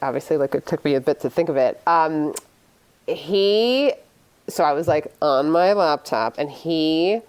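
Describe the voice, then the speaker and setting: A middle-aged woman hosting a casual chat, telling an anecdote in a relaxed, low-key way with many soft murmurs of agreement. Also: measured pace, clean tone. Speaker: podcast host.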